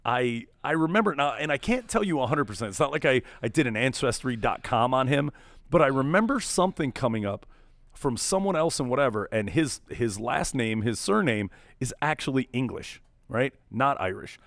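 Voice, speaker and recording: A man co-hosting a casual chat show, spinning a long bar story. His voice sits at a middle pitch, and he jumps up loudly whenever he acts out what someone said. The sound is dry and close to the mic. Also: normal speed, no room sound. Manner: animated, acts out quotes loudly. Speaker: podcast co-host.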